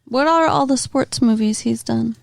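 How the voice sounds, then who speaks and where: A woman co-hosting a movie podcast in casual chat, wry and teasing with quick asides. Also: a little high, gravelly. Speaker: podcast co-host.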